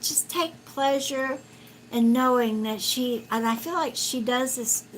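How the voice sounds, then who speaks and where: A woman giving a live-stream card reading as a psychic, talking gently and haltingly with many fillers and calling viewers sweetheart. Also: sits high, slight background noise, rough recording. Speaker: psychic reader.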